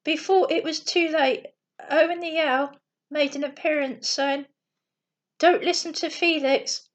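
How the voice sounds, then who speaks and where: A woman reading a bedtime story aloud slowly and carefully, with small slips. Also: sits high, steady tone, highs cut off.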